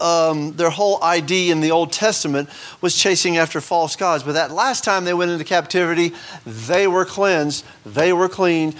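A man preaches a sermon in a church sanctuary. His voice sits a little on the high side. He swings between soaring, emphatic scripture reading and low, offhand asides. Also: fairly bright tone. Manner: rises in pitch for emphatic scripture passages, drops into asides. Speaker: pastor.

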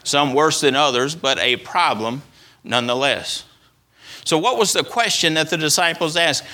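A man's voice: medium pitch, lively intonation, normal speed, bright, forceful tone. A man preaching a sermon as pastor, repeating phrases for emphasis and letting his voice rise and fall. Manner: preaching with rising and falling emphasis.

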